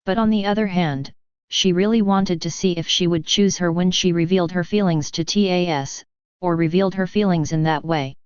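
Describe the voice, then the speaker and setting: A woman reading a fantasy audiobook in steady, scripted narration. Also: fairly low pitch, moderate pace, clean tone, no echo. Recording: slightly dull, dry studio sound.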